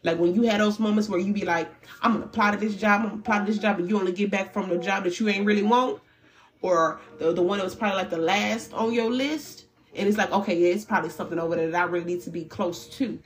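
With a steady tone and a quick pace, this tarot reader's pitch rests in a typical middle range for a woman. Her general reading is casual and chatty, lively and candid, sprinkled with slang and now and then a curse.

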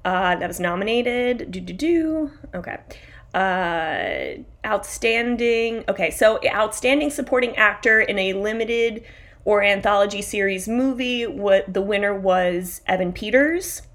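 A woman's voice: mid-range voice, animated, unhurried, a bit bright. Chatty woman co-hosting a podcast. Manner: chatty, laughs while talking, reads out lists. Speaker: podcast co-host. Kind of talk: casual chat.

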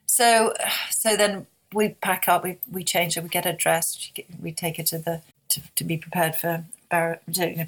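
Soft-spoken woman, slightly low voice. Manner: soft-spoken, halting with many restarts. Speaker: author and guest. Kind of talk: emotional interview conversation.

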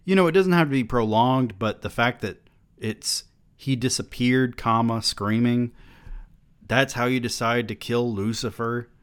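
A man's voice: mid-range voice, normal speed, smooth. A man who writes novels, giving a blunt, sardonic, casual book review and swearing freely.

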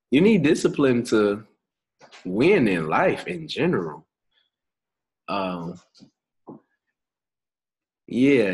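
A man's voice: fairly low pitch, husky, low-quality recording. A young man co-hosting a podcast in a casual, slangy, laid-back way, chuckling between thoughts. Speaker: podcast co-host.

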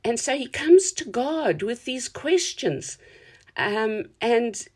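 A woman's voice: a little high, big pitch swings, slow pace, slightly rough. A woman preaching a sermon in an earnest, reflective teaching tone.

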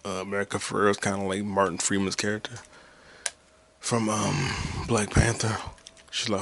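A man's voice: fairly low pitch, little pitch movement, normal speed, a bit bright, slight background noise. A man hosting a casual solo podcast from home, rambling loosely and swearing, with frequent laughs. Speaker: podcast host. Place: at home with a loud game console nearby.

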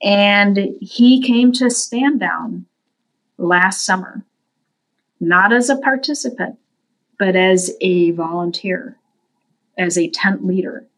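A woman guest in an interview tells a long story at an easy pace. Her voice sits in a middle register. When she quotes people she jumps up in pitch and gets more animated. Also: takes it slowly, pauses often, poor audio. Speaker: guest from a veterans' services group.

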